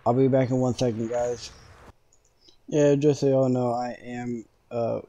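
A young man casually commenting on his gameplay for viewers, joking around and now and then bursting out in loud excitement. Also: mid-range voice, unhurried, muffled recording. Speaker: gaming streamer.

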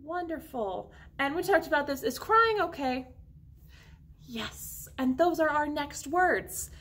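In an online class for little kids, a woman music teacher speaks slowly and with encouragement, singing brief phrases to an instrument. She has a high, animated voice.

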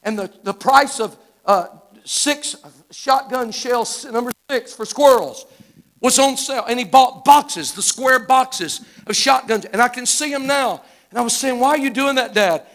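His voice is very high and fairly bright, paced in a measured way, as this fifties-aged guest preacher from Arkansas gives a live sermon in a church sanctuary. He has a Southern American accent and a fervent, folksy storytelling style.

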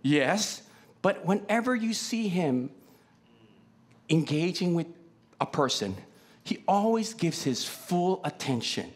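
Pastor, male; animated, very lively pitch, chatty Q-and-A preaching style. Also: slow pace, pauses often. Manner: conversational, asks the congregation many questions. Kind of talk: sermon. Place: church.

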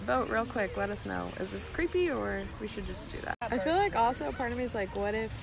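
A woman's voice: on the high side, expressive, a little fast, vocal fry, a crowd in the background. A woman vlogger telling a story in a chatty, casual way, full of "like"s and giggly asides.

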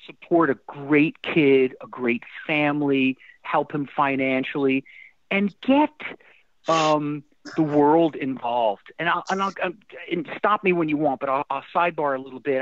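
A middle-aged musician guesting in a casual interview tells stories in an animated, emotional way, often restarting his sentences. His voice is a little high, coming through a dry, tinny phone-like line.

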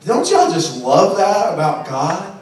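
Brief: male pastor, high voice, preaching loosely and conversationally, miked from afar in a very echoey room. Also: wildly swooping pitch, unhurried. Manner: conversational preaching with frequent "okay?" and "right?". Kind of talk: sermon. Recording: very echoey, distant room recording.

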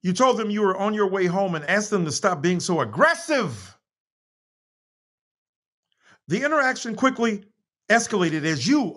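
Brief: American man on a video call, husky voice, pitch swinging widely, emphatic reading. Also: fairly bright tone. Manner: impassioned, emphatic, apologetic asides. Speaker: guest author. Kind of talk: reading aloud in a virtual talk.

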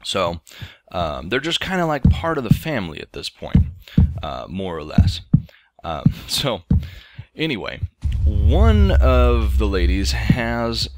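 A man in his thirties hosting a game playthrough, telling a casual story with lots of ums and restarts. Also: lowish voice. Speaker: let's play host. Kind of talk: casual storytelling over gameplay.

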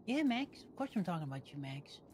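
A man's voice: sits high, sing-song, fast, a little mellow, a little hiss or hum. A man in character as an aspiring journalist, talking in a brash, pushy, teasing way. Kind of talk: in-character role-play chat.

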